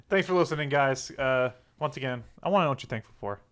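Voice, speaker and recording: A man's voice: medium pitch, brisk, a bit bright. Young man, casual gaming podcast chat, laughs a lot, rambles. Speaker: podcast co-host.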